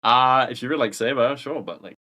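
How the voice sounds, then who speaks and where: A man's voice: medium pitch, brisk, bright, forceful tone. A young man hosting a casual livestream, rambling through chat questions in gamer slang. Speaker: livestream host.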